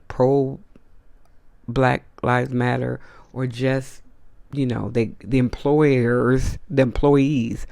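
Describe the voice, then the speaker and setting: In a dry recording, a man with a medium-pitched, slightly mellow voice and vocal fry hosts his own channel. He rants to the camera, blunt, profane and outraged, repeating points for emphasis.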